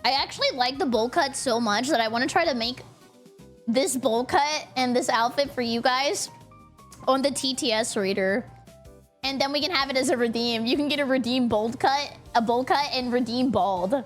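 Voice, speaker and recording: A young woman streamer in casual, rambling chat with her viewers, giggly and excitable. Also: high-pitched, normal speed, soft background music. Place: home streaming setup.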